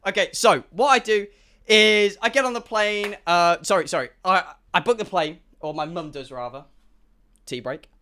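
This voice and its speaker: A young man telling a rambling story to his stream as a streamer, excitable and full of stammered restarts. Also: sits high, moderate pace.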